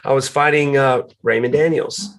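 A male guest on a podcast speaks at a middling pitch, with a gravelly rasp running under his words. He tells his stories in an easygoing, conversational way and leans on filler words as he goes. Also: normal speed. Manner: relaxed storytelling, many fillers. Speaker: guest, fighter. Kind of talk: casual podcast chat.

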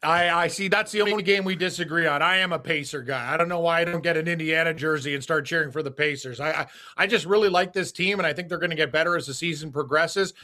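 A man's voice: a little high, fast talker, hardly any pauses, sharp tone. A man co-hosting a casual sports betting show, talking his picks in a chatty way with stammered starts. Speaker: co-host.

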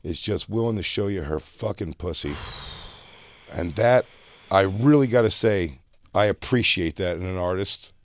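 A man with a low-pitched voice co-hosts a comedy podcast, riffing in crude, animated banter. His voice is close and dry, with no room sound at all. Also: normal speed, no echo. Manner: crude, animated, laughs often. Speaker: podcast co-host.

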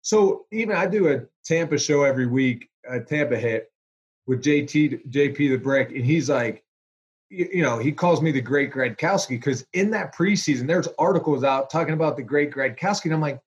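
A man, a former pro quarterback, telling stories in a relaxed interview with lots of fillers. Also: on the high side, moderate pace, lo-fi sound. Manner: animated, chatty storyteller with fillers. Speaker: former NFL quarterback, guest. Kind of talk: casual storytelling interview.

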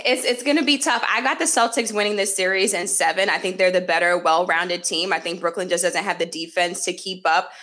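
A woman's voice: fairly low pitch, steady tone, a little fast, few pauses, bright, forceful tone. A woman sports reporter giving her analysis and predictions in a fluent, emphatic way, with frequent fillers. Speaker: sports reporter covering a basketball team.

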